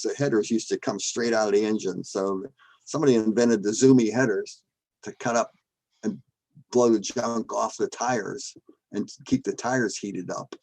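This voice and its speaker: An older man in his seventies spins a yarn with gusto, throwing his voice into the quoted shouting and chuckling between lines. His pitch sits in the middle and the sound is close and dry. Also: no echo, poor audio. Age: 70s. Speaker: guest, former drag strip starter. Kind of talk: lively anecdotal storytelling.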